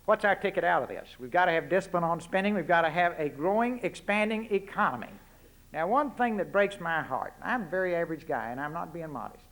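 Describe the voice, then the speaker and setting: High-pitched Texan man, folksy speech. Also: lively intonation, a little fast, a bit bright. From Texas. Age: 60s. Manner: folksy, punchy, fires rhetorical questions. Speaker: public speaker. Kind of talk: public political address. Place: university lecture hall.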